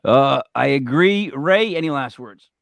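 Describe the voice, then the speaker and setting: A man's voice: mid-range voice, measured pace, vocal fry, no room sound. A man hosting a casual fantasy football podcast, telling stories and ranting with swearing. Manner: animated, swears when ranting. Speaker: podcast host. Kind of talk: casual sports podcast chat.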